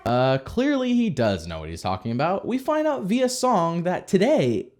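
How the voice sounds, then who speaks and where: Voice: mid-range voice, huge pitch swings, normal speed, darkish tone, faint music behind. Wry, sarcastic episode reviewer. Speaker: video reviewer.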